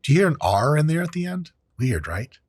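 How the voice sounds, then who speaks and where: A man's voice: fairly high pitch, big pitch swings, fairly quick, darkish tone, breathy edge, no room sound, studio quality. A man who is an exercise science professor, hosting and giving joking, profane commentary on training clips. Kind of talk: casual commentary on training videos.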